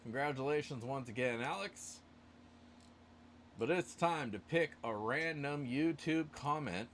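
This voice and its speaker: Speaking at a measured pace, this livestream host gives things away while rambling and joking about himself in a loose manner. His mid-range voice is a bit bright, and there's a little hiss or hum.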